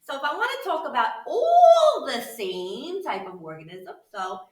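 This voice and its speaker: A woman co-hosting a playful science lesson for kids, animated and teacherly, repeating key words. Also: high voice, moderate pace. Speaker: co-host and science explainer. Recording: roomy sound from a distance.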